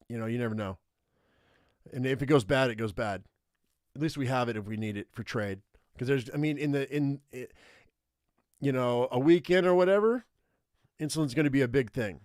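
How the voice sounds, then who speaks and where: A man's voice: medium pitch, no echo, studio quality. Man thinking aloud over game choices. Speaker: streamer. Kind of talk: reading an interactive story aloud with live commentary.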